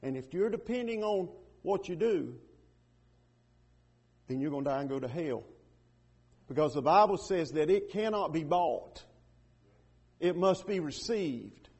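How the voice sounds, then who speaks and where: A man preaching an impassioned sermon, swelling loud and then dropping to a hush. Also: on the high side, animated, measured pace, long pauses, husky. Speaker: pastor.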